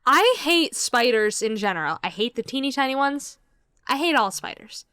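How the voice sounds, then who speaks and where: A woman chatting on a podcast and telling a wild story with animated energy. Her voice sits a bit high and jumps all over the place, and she swears freely while acting out shouted quotes. The sound is dry and close. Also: normal speed, clean tone, dry recording. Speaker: podcast co-host. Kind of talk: casual chat, storytelling.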